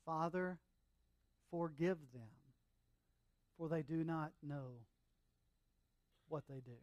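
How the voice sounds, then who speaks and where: A man's voice: on the high side, slow pace, a little mellow, dry recording. Guy preaching, doing jesus, earnest and pleading, dry close sound. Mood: tender. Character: calm, selfless adult male Jesus.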